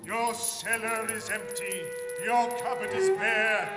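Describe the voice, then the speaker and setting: A man's voice: sits high, steady tone. A man playing a stern scolding ghost. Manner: slow, declaiming, scolding. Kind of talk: live comic verse performance. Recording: distant voice in a reverberant church, loud music and crowd.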